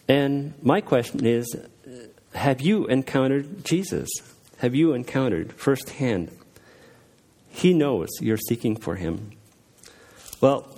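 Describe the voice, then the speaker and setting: A man giving an informal devotional talk. He reads scripture aloud and reflects on it in an earnest, unpolished way, with frequent pauses and fillers. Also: medium pitch, darkish tone. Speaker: lay speaker sharing a devotional.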